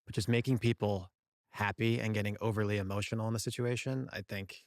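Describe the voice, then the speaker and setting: A man's voice: lowish voice, fairly even intonation, a little fast, no room sound, studio quality. A man hosting an interview podcast, chatting casually and asking eager follow-up questions. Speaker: podcast host.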